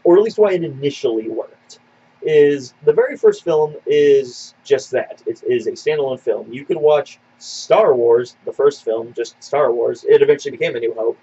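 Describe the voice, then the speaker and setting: A man co-hosting a casual podcast, answering viewer questions in a rambling, animated way with many fillers and restarts. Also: mid-range voice, husky, lo-fi sound. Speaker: podcast co-host.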